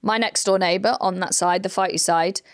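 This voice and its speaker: A woman comedian co-hosting a podcast, telling a crime story in a casual, animated way and swearing freely. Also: medium pitch, a little fast, dry recording, studio quality. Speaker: comedian co-host retelling a true crime case.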